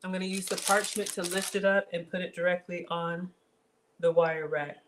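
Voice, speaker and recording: A woman's voice: lowish voice, steady tone, normal speed, noisy background. A woman hosting a live cooking stream from her home kitchen, chatting straight to her viewers and reading out their comments. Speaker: cooking channel host.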